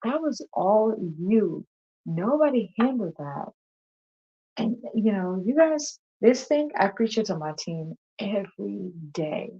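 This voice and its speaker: A woman with a mid-range, mellow voice and a breathy edge hosts a casual talk show, speaking slowly with big pitch swings. She talks conversationally to y'all listeners and asks rhetorical questions over dull lo-fi audio.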